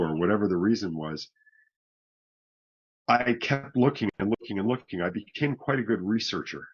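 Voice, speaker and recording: A middle-aged Canadian man with a lowish voice, heard in lo-fi sound, is a guest on a podcast. He tells his own story frankly, with wry, self-deprecating humor.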